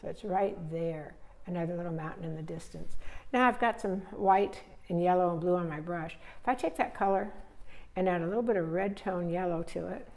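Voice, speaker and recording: A woman teaching painting, relaxed and thinking aloud step by step as she paints. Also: on the low side, a little fast. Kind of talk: narrating a live painting demonstration.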